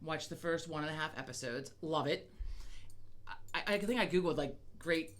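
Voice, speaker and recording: Low-voiced and moderately paced, this American podcast co-host spins stories in loose, profanity-laced chat. She's talkative, cusses freely, and tells her tales with lively animation.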